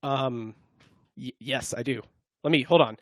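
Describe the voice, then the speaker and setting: A man's voice: mid-range voice, a little slow, no echo, studio quality. A young man co-hosting a sports podcast, joking casually while reacting to clips. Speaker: podcast co-host.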